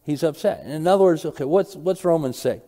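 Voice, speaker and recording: A man's voice: on the high side, expressive, a little fast, mellow, big-room sound. A man preaching a Bible study sermon. He asks his listeners questions, repeats key phrases and reads verses aloud.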